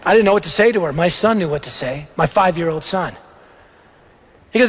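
A man's voice: high voice, big pitch swings, a little fast, fairly bright tone, a little hiss or hum. A middle-aged man preaching a sermon, telling stories with energy and punchy lists. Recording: long reverb of a large hall.

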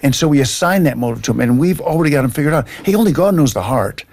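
A man, a guest, earnestly giving parenting advice in a halting way. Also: fairly high pitch, expressive, gravelly, a little mellow. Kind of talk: casual discussion.

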